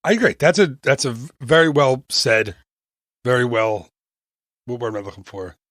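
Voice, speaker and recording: A man's voice: mid-range voice, lively intonation, normal speed, fairly bright tone, no room sound. A man co-hosting a casual travel podcast, playful and joking, fond of corny puns, close to a studio mic. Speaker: podcast co-host. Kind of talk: casual chat. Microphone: studio microphone.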